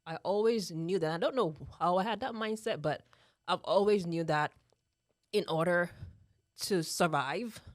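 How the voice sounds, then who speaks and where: Low-voiced Jamaican woman, earnest chat. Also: measured pace, dry recording, studio quality. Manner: earnest, repeats herself, laughs often, tags "right?". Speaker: guest speaker. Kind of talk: casual talk.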